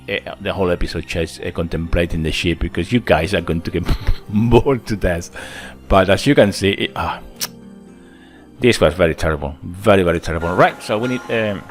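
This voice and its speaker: Deep-voiced man chatting over game play. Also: fairly bright tone. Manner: chatty, thinks aloud, counts workers under his breath. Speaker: gameplay channel host. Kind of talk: casual let's-play commentary.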